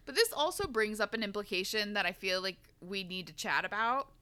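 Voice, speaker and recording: A woman's voice: mid-range voice, lively intonation, brisk, bright, forceful tone, smooth. A woman casually recapping a novel with friends, laughing often and reading quotes dramatically. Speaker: book podcast host. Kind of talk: casual chat recapping a book.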